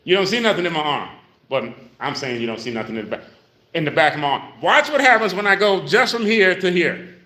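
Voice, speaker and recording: A man's voice: fairly high pitch, very animated, a little fast, bright, forceful tone. A man leading a live exercise class for seniors, counting reps, demonstrating moves and checking in with "okay?" as he explains. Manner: demonstrating moves while talking, energy rises when explaining. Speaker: senior fitness instructor. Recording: very echoey room, voice from far off.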